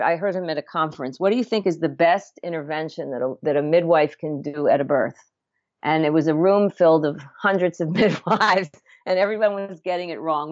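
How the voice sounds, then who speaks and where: In a deep, darkish voice, a middle-aged midwife who attends home births speaks earnestly as a podcast guest, frequently restarting her words and breaking into laughter. The interview recording is dry and has a dull lo-fi quality.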